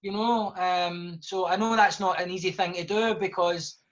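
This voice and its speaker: A man's voice: high-pitched, fairly even intonation, moderate pace, a bit bright. Scottish male guest, fluent and impassioned, muffled lo-fi sound. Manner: fluent, passionate explaining. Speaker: guest author. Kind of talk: live podcast discussion. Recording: dull lo-fi sound.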